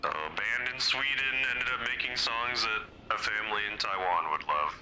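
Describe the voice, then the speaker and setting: A man's voice: on the low side, lively intonation, normal speed, background noise. A man chatting in a friendly way with other players over game voice chat.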